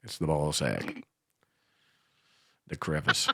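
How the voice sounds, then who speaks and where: A radio co-host from Ohio in casual, crude, rambling banter on a morning show. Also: male voice, very deep voice, lively intonation, takes it slowly, gravelly, bright, forceful tone, husky, no room sound, studio quality. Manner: rambling, crude joking with laughs.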